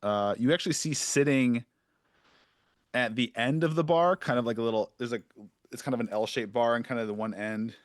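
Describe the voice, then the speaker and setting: Man, game master, mid pitch, dry close sound, casual narration with fillers. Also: normal speed, no room sound. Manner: casual, hesitant with fillers and restarts.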